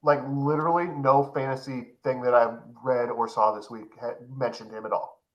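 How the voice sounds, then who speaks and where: A man's voice: mid-range voice, level tone, normal speed, dull audio. A man co-hosting a casual fantasy football podcast, asking wry, skeptical questions. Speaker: podcast co-host.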